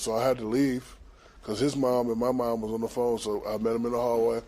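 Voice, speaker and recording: A man's voice: medium pitch, little pitch movement, fairly quick, mellow. A man, a studio analyst, telling a story in casual panel chat and acting out the quotes with animation.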